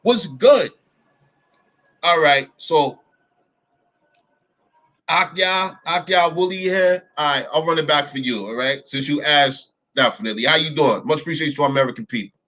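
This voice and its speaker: Animated reaction commentator, a man with a high, bright voice who swears freely and keeps firing rhetorical questions. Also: normal speed, pauses often.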